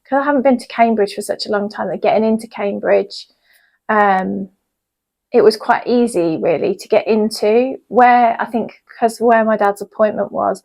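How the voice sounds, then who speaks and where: A woman's voice: medium pitch, moderate pace, vocal fry, darkish tone, rough recording. A woman, a yoga teacher chatting casually in a home vlog, rambling with lots of ums. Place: at home in her yoga room.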